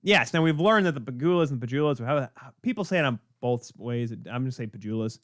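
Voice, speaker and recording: A young man hosting a live sports talk show, ranting in an exasperated, rapid-fire way. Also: mid-range voice, a bit bright, no echo, clean studio sound. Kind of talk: live sports opinion rant.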